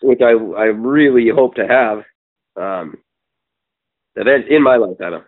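A man's voice: medium pitch, unhurried. Opinionated man on a tinny line. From Canada. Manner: opinionated, profane, rambling with many ums. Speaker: podcast co-host. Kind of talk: casual political chat. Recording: tinny phone-like sound.

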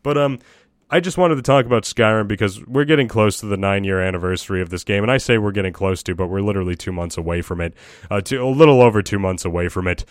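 Dude rambling about games, swears constantly, calls himself an idiot, dry close sound. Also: male voice, on the low side, fast talker, no echo. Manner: profane, self-deprecating, excitable. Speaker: gaming vlogger. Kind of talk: casual rambling monologue.

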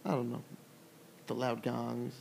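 Co-host type: woman with a very deep, gravelly voice, blunt and sardonic in loose chat. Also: completely flat delivery, unhurried, darkish tone, a little hiss or hum, low-quality recording. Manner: blunt, sardonic, swears freely. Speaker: podcast co-host. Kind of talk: casual chat.

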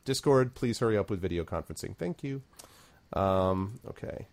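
A man's voice: lowish voice, lively intonation, moderate pace. A man running a tabletop game on a stream, rambling and laughing at himself while narrating. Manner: rambling, self-deprecating, laughs often. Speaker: game master. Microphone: video call.

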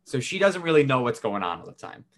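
A man's voice: mid-range voice, big pitch swings, fast talker, a bit bright. A young man co-hosting a podcast, telling a family story in a casual, swearing, laughing way. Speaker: podcast co-host.

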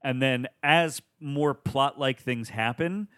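Man, podcast co-host, thoughtful movie chat, restarts sentences, mid pitch, dry sound. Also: slow, fairly bright tone, clean tone, no echo. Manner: thoughtful, searching for words, eager agreement.

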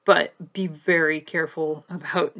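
Low-pitched and a little slow, a female podcast co-host talks about a cartoon in a casual, animated, conversational manner, frequently breaking into laughter.

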